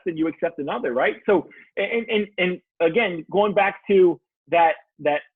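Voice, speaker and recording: A husky, somewhat high-voiced man talks with heartfelt earnestness, circling back and restarting as he goes. His voice comes through a tinny, phone-like line that sounds dry and close. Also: no echo. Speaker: leadership coach guest. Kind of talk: podcast interview.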